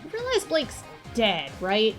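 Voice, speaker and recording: A woman voicing a calm, dry-spoken young woman sidekick. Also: fairly high pitch, measured pace, over music.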